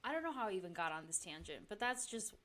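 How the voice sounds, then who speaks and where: A woman's voice: medium pitch, sing-song, fast talker, a bit bright. A woman chatting casually as a podcast guest, laughing often and using many fillers. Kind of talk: casual chat.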